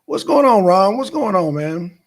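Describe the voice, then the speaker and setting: Brief: male host, casual news banter, needling, husky tone. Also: sits high, moderate pace. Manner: animated, needling, swears casually. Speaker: show host.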